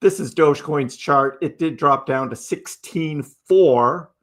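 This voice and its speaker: A man's voice: a little high, slow pace, a bit bright. A man hosting a casual livestream, chatting loosely and often tagging his points with "right?". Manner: chatty, keeps asking "right?". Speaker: crypto livestream host.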